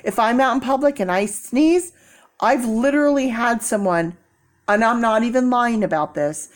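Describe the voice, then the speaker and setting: A woman's voice: a little high, normal speed. Chatty woman vlogger. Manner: animated, mimics people in quoted voices, laughs often. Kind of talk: casual storytelling vlog.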